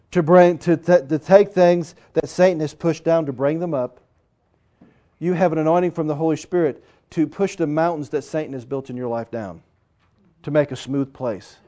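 A man preaching a sermon with passion, swinging between loud urging and hushed, quieter asides. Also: fairly high pitch.

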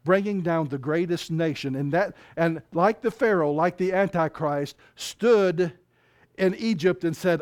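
A man preaching a fervent sermon, reading scripture aloud and speaking in quick bursts. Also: on the high side, a little mellow. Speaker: pastor.

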